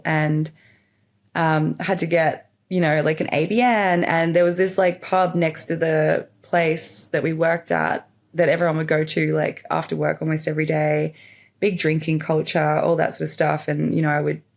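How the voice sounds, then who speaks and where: A woman's voice: low voice, flat delivery, moderate pace. A young woman podcast host candidly telling her life story in a rambling, open way, full of fillers. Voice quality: gravelly. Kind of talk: personal storytelling monologue.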